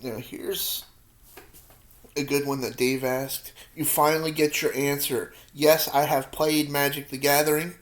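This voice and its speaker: His voice sits a little high, level and unhurried. In his thirties, he chews through hot peppers while giving rambling, self-deprecating answers to viewer questions, sometimes mouth full and feeling the heat.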